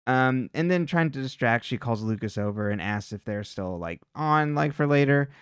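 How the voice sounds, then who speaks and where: A man talks through a TV recap with easy, rambling chattiness, his words full of filler. His voice sounds smooth and resonant at a middling pitch. The sound is close and dry. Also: lively intonation, moderate pace, no echo. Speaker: podcast co-host recapping episodes. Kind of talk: casual recap chat.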